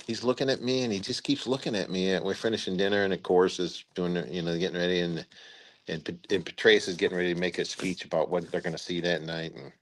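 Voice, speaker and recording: An older man, a retired army general with a low voice, tells stories during an interview. He rambles, restarts sentences, and loudly acts out the quotes he recounts.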